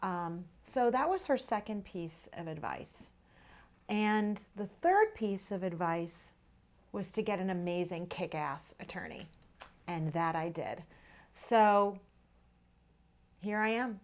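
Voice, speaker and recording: A woman's voice: medium pitch, lively intonation, takes it slowly, pauses often. Candid middle-aged woman vlog host. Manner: candid, conversational, speaking straight to her viewers. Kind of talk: personal storytelling to camera.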